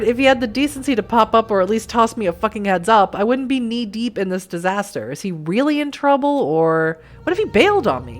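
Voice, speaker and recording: A woman's voice: medium pitch, natural voice. A woman reading aloud the part of a brash, sarcastic young vampire woman who swears freely, in a visual novel game. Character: sassy, sharp-tongued young vampire woman, cornered.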